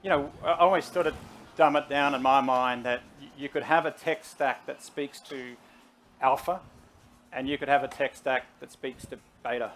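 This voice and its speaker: A man's voice: mid-range voice, normal speed. Middle-aged man, medium voice, persuasive guest speaker who talks straight to the crowd, faint hiss behind. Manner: energetic, persuasive, talks to the audience directly. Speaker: guest CEO. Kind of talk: conversational stage interview.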